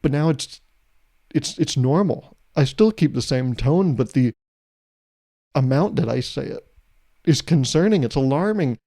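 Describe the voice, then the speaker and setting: A young man hosts a solo comedy podcast in a warm, mid-range voice with lively intonation, speaking unhurriedly and pausing often. He riffs in a self-mocking way, acting out little imagined exchanges.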